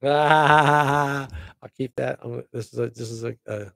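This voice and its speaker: A middle-aged man hosting his own show in casual chat, excitable and rambling with laughing asides. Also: mid-range voice, takes it slowly, vocal fry, no room sound. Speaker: podcast host.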